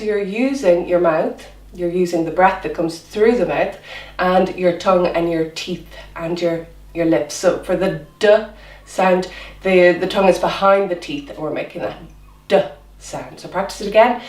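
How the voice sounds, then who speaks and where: Woman teacher walking kids through warm-ups, lowish voice, echoey room, a bit far from the mic. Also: normal speed. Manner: encouraging, demonstrating vocal exercises. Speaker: children's drama teacher. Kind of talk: online class for children.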